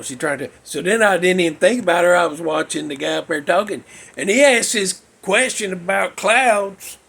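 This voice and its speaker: Man, high gravelly voice, unhurried, folksy, chuckling, rambling. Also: a bit bright. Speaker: podcast host. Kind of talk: casual rambling storytelling. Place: garage.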